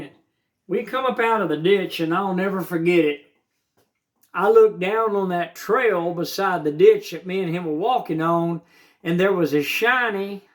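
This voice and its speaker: A man in his seventies telling a childhood story as a channel host, in a folksy way and talking straight to his viewers. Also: on the high side. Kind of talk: casual storytelling of childhood memories.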